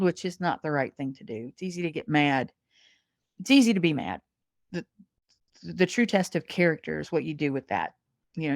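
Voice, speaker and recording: Her voice runs low, captured in clean studio sound with no echo. She's a woman in her fifties from the massage industry, a folksy, earnest podcast guest who keeps calling people honey in casual conversation.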